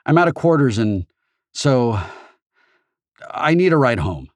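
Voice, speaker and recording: A man's voice: medium pitch, sing-song, unhurried, no room sound, pitched above the performer's own voice. A man voicing a socially awkward, sulky teenage boy who speaks curtly and urgently in an audiobook. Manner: urgent, curt.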